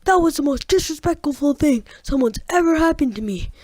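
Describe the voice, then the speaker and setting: A young male storyteller playing a stern, petty male schoolteacher who scolds with sharp, indignant exclamations. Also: very high voice, lively intonation, fairly quick, dry recording, voice pushed up.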